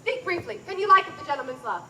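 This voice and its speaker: A woman playing a formal, commanding noblewoman mother, with a measured verse delivery in outdoor Shakespeare stage acting. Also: high voice, big pitch swings, pushed and bright, slight background noise, exaggerated voice.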